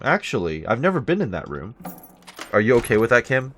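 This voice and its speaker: A man's voice: medium pitch, very animated, fairly quick, fairly bright tone, a little hiss or hum. A man casually commenting on a video game as he plays, reading dialogue aloud with chatty, jokey asides. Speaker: let's play host.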